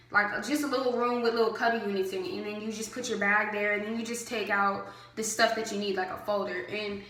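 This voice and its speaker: Young woman, casual vlog storytelling, chatty with fillers, higher voice. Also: sharp tone. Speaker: vlogger. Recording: roomy echo.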